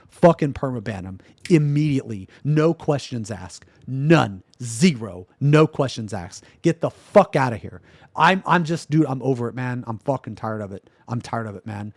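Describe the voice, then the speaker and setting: A male streamer on a live reaction stream, cursing and venting in a fed-up rant. His voice sits at an ordinary middle pitch, and it's recorded close and dry with no room sound. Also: no echo. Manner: profane, exasperated ranting, swings from loud to muttering.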